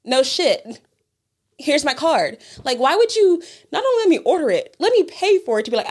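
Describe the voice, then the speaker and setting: A woman's voice: sits high, big pitch swings, normal speed. A woman telling a story in casual podcast chat, profane and exasperated, laughing often. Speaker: podcast co-host.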